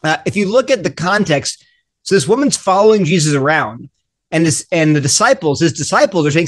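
A man, a guest author in a panel discussion, explaining with lively, acted-out quotes. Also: a little high, fairly quick.

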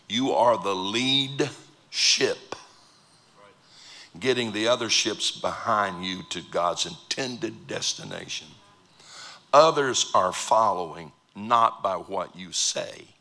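A man preaching a sermon in a church, joking with sudden loud outbursts and quiet asides. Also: lowish voice. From United States. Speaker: pastor. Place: church auditorium.

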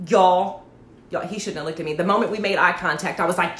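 A woman, chatting to livestream viewers and telling a story, with lots of animated asides. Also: fairly low pitch, a little fast. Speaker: network marketing livestream host. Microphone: phone or webcam livestream. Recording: echoey room.

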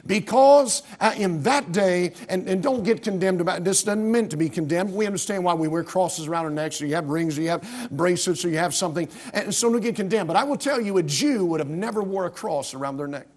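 A man's voice: sits high, expressive, fairly quick, hardly any pauses, a little mellow. A man preaching a sermon in a church with an American accent, speaking emphatically in rising bursts and often restarting his sentences. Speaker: pastor. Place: church sanctuary.

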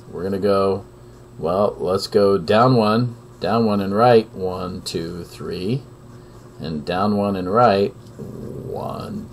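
A man's voice: on the low side, darkish tone, slight background noise. A man, a math teacher, working through a recorded geometry lesson, counting steps aloud and checking in with frequent questions.

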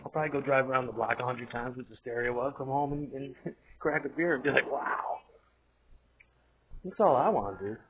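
A man's voice: medium pitch, quick pace, husky. Profane rambling man on tinny audio. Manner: profane, laughs often, trails off. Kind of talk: rambling monologue. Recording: tinny phone-like audio, faint hiss.

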